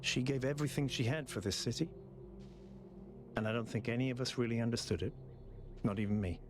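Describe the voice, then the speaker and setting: An actor voicing an earnest, thoughtful male robot mayor in a video game, speaking in a measured, reflective way. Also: mid-range voice, background noise, close to an everyday voice. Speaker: game character. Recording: game music behind.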